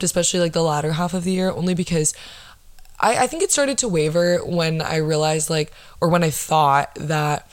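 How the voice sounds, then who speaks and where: A woman hosting her own solo podcast, ranting in a sarcastic, profane way full of fillers. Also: sits low. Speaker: podcast host.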